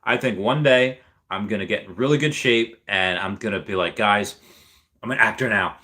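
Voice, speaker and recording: A man hosting a casual livestream, reading viewers' chat messages aloud, thinking out loud with fillers, and sometimes jumping into high squeals of delight. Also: normal speed. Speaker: livestream host.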